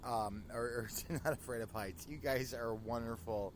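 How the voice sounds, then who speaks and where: A man hosting a radio show, chatting casually between songs in an excitable, apologetic way with frequent laughter. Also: mid-range voice, moderate pace, noisy background.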